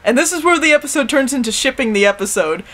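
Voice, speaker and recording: A woman recapping an episode in casual chat, rambling with many fillers and quick put-on character voices. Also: sits high, expressive, fairly bright tone. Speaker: co-host reviewing an anime episode.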